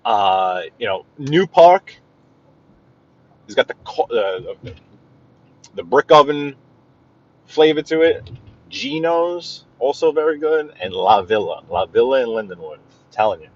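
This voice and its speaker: A man's voice: medium pitch, unhurried, pauses often, dull audio. Chatty New York man driving. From Brooklyn, New York. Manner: chatty, rambling, greets viewers by name. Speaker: livestream driving host. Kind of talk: casual live-stream chat while driving. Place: inside a car in city traffic.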